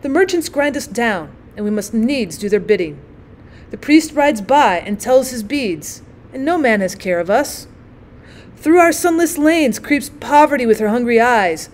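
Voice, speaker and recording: A woman's voice: a little high, a little mellow, natural voice. A woman voicing a bitter, starving male weaver who speaks angrily in archaic words. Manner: angry, bitter, archaic speech.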